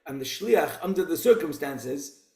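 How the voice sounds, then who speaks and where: A man's voice: a little high, animated, normal speed, mellow. A man teaching an informal Torah class in a conversational way, posing rhetorical questions. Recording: roomy echo.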